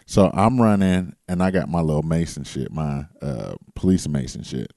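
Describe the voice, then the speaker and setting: A low-voiced man with a dark, mellow tone, co-hosting a casual podcast. He tells his stories in a loose, animated way and swears freely. The sound is dry and close. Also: moderate pace, gravelly, no room sound. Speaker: podcast co-host. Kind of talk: casual storytelling chat.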